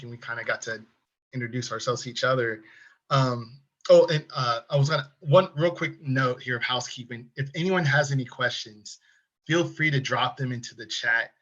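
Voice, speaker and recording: A man's voice: medium pitch, fairly bright tone. Sex: man. Role: host. Sound: dull lo-fi. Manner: reads a formal introduction, then chats casually. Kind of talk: interview hosting.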